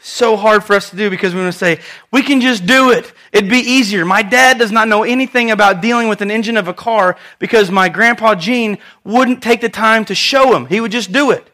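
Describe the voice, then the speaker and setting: Bright, high-voiced male preacher. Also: brisk, hardly any pauses. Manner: animated, conversational preaching with asides to the congregation. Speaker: pastor. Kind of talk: sermon. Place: church.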